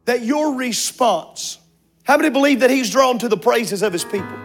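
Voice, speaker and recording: A man preaching a sermon to a congregation in a church, impassioned and rising to shouts on drawn-out words. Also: very high-pitched, animated, soft background music. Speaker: pastor.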